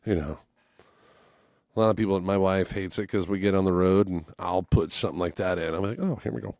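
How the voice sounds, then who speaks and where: Male musician guest, forties, low-pitched, dry and close, animated storyteller who swears. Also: a little fast, no echo. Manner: animated, acts out voices in his stories, swears freely. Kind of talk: casual storytelling chat.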